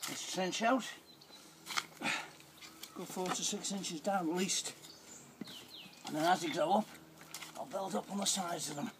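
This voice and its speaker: A man's voice: sits high, a little slow, pauses often, background noise. An older man casually talking through his gardening work in an outdoor garden, rambling with plain words and many restarts. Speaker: home gardener. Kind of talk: casual narration while gardening. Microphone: camera held by someone filming. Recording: loud outdoor ambience with birds. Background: birdsong.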